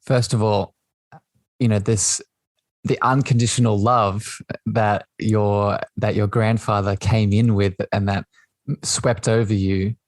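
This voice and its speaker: A podcast host with a lowish male voice talks in a thoughtful, reflective way. He often checks in with his listener by asking "right?". His voice sounds close and dry, with no room echo. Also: level tone, slow. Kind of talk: reflective conversation.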